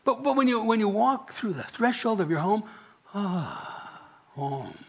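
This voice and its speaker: Husky, high-voiced preacher man. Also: very animated, a little slow. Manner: conversational, asks the congregation questions. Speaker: pastor. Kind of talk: sermon. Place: church.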